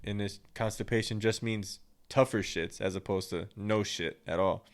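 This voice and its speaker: A man's voice: fairly low pitch, steady tone, moderate pace. A young man hosting his own podcast, telling a personal story in a blunt, crude, rambling way with plenty of swearing. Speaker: podcast host.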